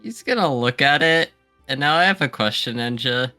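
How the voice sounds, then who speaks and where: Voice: mid-range voice, animated, moderate pace, sharp tone, faint music behind. A tabletop role-play player asking questions in character.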